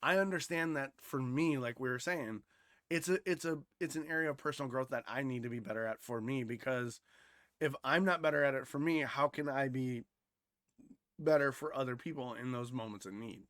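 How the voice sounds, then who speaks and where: A man co-hosting a podcast, talking bluntly and with lots of swearing, going from loud rants to quiet reflection. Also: medium pitch, a little fast, no echo, clean studio sound. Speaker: podcast co-host. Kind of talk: casual chat.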